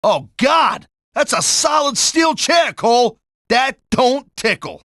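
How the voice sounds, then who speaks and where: Gruff wisecracking wrestling color man. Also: very high voice, animated, unhurried, bright, forceful tone, no room sound, studio quality. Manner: gruff tough-guy slang, blunt and wisecracking. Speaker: color commentator. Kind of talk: pro wrestling video game commentary.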